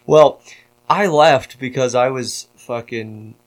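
A man's voice: medium pitch, slow. A man hosting a podcast in casual chat, telling a story in a profane and worked-up way. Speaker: podcast host.

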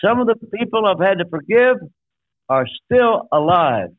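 A high-pitched older man with big swings in pitch preaches as a guest pastor, telling a story at normal speed with emphatic numbered points and quotes he acts out. The recording is dry and tinny, as if over a phone.

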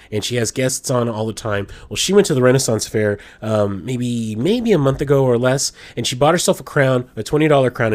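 Man telling stories, casual and profane. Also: mid-range voice. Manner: animated storytelling, frequent swearing. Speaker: podcast host. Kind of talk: casual podcast chat.

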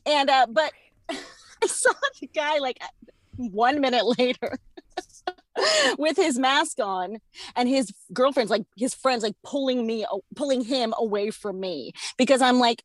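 Profane, animated woman telling a story. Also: high-pitched, measured pace, dry recording. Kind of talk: casual chat, comic storytelling.

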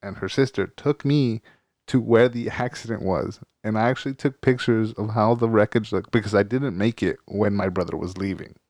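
A man in casual chat, excitable, laughing as he retells a phone call and mimicking the voices in it. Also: lowish voice, moderate pace, no room sound, studio quality. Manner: excitable, laughs while telling, mimics others. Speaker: older brother of the storyteller.

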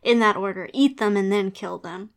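A woman's voice: mid-range voice, normal speed. A woman hosting a podcast in casual chat, laughing often and rambling playfully. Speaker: podcast host.

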